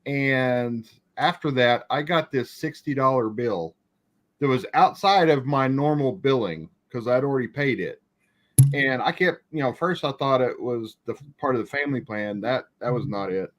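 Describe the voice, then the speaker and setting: A man on a casual livestream chat, telling a personal story in a halting way with restarts. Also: mid-range voice, expressive.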